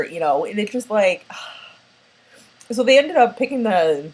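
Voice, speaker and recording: A woman's voice: medium pitch, moderate pace, slightly rough, poor audio. A woman casually recapping a horror film plot, rambling with lots of filler words and acting out characters' lines. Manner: animated, acts out characters' lines. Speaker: movie reviewer.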